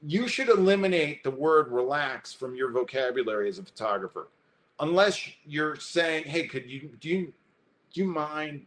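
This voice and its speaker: A man presenting an online photography workshop, animated and high-energy, talking straight to his viewers while alone at his computer. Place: indoors, alone in front of a computer. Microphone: webcam or computer mic, alone talking to a screen.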